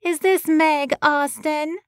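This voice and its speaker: A woman voicing a brisk female TV producer with a nasal voice and a thick Boston accent. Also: high voice, fairly even intonation, no room sound, clean studio sound, pitched above the performer's own voice. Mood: businesslike.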